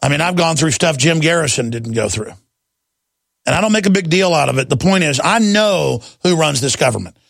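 A gravelly, slightly higher-voiced man hosting a talk radio show, ranting emphatically and with indignation at his listeners. The sound is dry and close on a studio microphone, with no room around it. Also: animated, a little fast, a bit bright, dry recording. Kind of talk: opinionated talk radio monologue.

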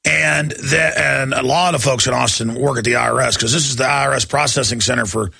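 Male call-in radio host: combative, gravelly ranter, bright and dry. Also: medium pitch, fairly even intonation, no echo. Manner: combative, ranting, rapid-fire. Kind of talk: heated call-in radio talk.

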